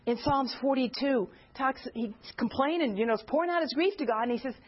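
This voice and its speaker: A woman's voice: high voice, a little fast, husky, lo-fi sound. A woman giving an informal teaching talk at a church gathering, earnestly asking the listeners direct questions.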